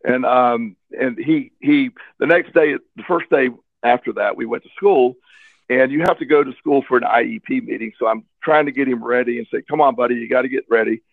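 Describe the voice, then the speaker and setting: A man speaks candidly in an interview, telling an earnest personal story and doubling back on his words as he goes. His voice has a gravelly, creaky edge. The sound is thin and phone-like, with no room echo at all. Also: mid-range voice, fairly quick. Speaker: interview guest. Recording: tinny phone line, dry.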